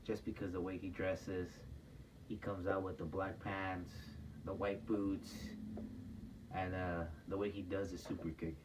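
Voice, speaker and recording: Deep-voiced hesitant man, distant mic. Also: level tone, measured pace. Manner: hesitant, repeats words and says "uh" a lot. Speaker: podcast co-host. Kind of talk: casual wrestling review chat. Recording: distant mic with clear background noise.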